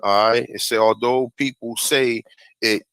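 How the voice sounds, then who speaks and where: Casting note: a young man, a bright, forceful voice and a dry, close sound, hosting a profane commentary vlog. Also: mid-range voice, steady tone, unhurried, clean tone, no echo, low-quality recording. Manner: profane, heated, stumbles over names while reading. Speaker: host. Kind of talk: casual commentary vlog, reading aloud.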